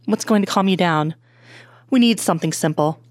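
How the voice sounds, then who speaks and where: A stiff, irritable older detective who snaps curtly, as a woman reads him in a low voice. The storybook reading sounds dry and close. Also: normal speed, dry recording, lightly acted. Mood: stern. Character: stern grumpy older male detective.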